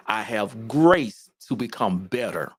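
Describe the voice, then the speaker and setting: A man co-hosting a casual podcast about faith, talking in a lively, emphatic way and often repeating himself. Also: on the low side, slow, husky, no room sound. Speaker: podcast co-host.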